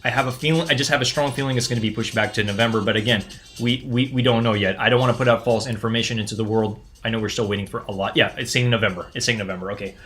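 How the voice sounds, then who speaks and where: Excitable man hosting a sneaker livestream. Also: medium pitch, rapid-fire. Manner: excitable, chatty, frequent restarts and stammers. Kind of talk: casual live unboxing commentary.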